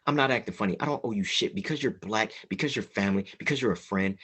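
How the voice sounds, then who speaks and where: A man's voice: fairly low pitch, fast, a bit bright, breathy edge. A man co-hosting a casual group podcast, speaking bluntly and heatedly with heavy profanity. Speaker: podcast co-host.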